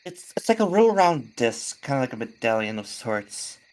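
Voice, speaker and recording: A woman's voice: rumbling low, big pitch swings, moderate pace, darkish tone. A woman game master describing the scene in a tabletop game, in a casual tone with small fillers.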